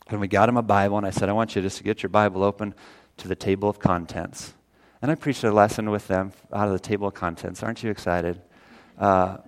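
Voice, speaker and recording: A man preaching a sermon, folksy and earnest, speaking with energy. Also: fairly low pitch. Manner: folksy, earnest preaching, rises loud when quoting scripture. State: briefly tearful. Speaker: pastor.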